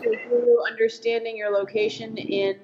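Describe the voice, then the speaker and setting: A woman's voice: on the high side, flat delivery, moderate pace, darkish tone, highs cut off, a little hiss or hum. A woman taking part in a satsang, answering a question in a hesitant way as she searches for words.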